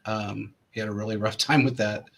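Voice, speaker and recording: A man's voice: fairly low pitch, fairly even intonation, fairly quick, vocal fry, fairly bright tone. A man hosting a show, telling long rambling anecdotes in casual chat, full of restarts and fillers. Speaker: show host.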